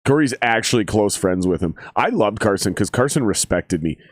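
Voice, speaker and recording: A man's voice: fairly low pitch, moderate pace, dry recording, clean studio sound. A man from Minnesota hosting a podcast, telling profane stories in casual chat and acting out what people said. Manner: profane, animated storyteller who acts out quotes. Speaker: podcast host.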